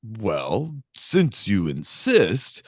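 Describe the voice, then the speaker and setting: A man reading a novel aloud puts on a priggish grown son, pitched well above the reader's own low voice and swinging up and down as he moralizes. The tone is self-satisfied and preachy. The sound is dry and close. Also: huge pitch swings, drawn-out words, breathy edge, no room sound, exaggerated voice. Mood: smug. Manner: pompous and preachy. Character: smug, condescending grown son lecturing his father.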